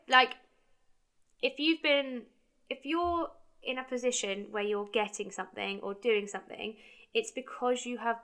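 Young woman, bright and crisp, chatty storyteller, casual monologue. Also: fairly high pitch. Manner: chatty, quotes her own dialogue, heavy use of "like". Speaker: brand founder.

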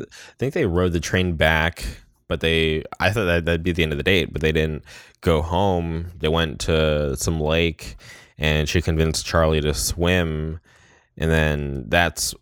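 A man's voice: rumbling low, smooth, no room sound, clean studio sound. A man hosting a podcast, casually recapping a movie and rambling with lots of "like" and "um". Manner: rambling, heavy use of "like" and "um". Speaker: podcast host.

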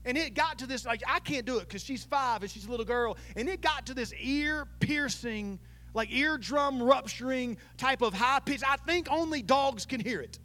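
A man in his thirties preaching a sermon, telling a family story with lively swings between loud and hushed delivery. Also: extremely high pitch, moderate pace, poor audio. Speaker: pastor.

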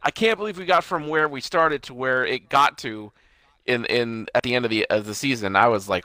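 A man's voice: mid-range voice, brisk, pushed and bright, no echo. A man in casual chat who hedges his claims and swears now and then. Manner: hedging, profane, casual.

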